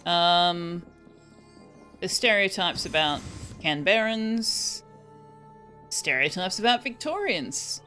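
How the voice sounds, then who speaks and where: With faint background music behind her, a medium-pitched Australian woman with a sharp tone chats casually with viewers while streaming a game. She muses aloud and laughs easily as she plays.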